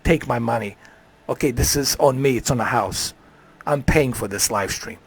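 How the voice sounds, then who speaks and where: A man's voice: mid-range voice, normal speed, gravelly, slightly rough. A man ranting on a live stream, heated and profane, swearing freely.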